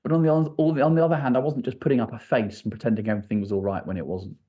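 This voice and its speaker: A man's voice: mid-range voice, steady tone, very fast, warm tone. A man, an author and church leader answering interview questions in a thoughtful, rambling way with frequent restarts.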